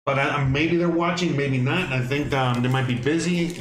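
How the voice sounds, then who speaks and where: With music playing behind him, a man of medium pitch and normal speed hosts a laid-back cooking livestream from his home kitchen, rambling with many fillers and restarts. His microphone rests on the counter in an echoey kitchen with background noise.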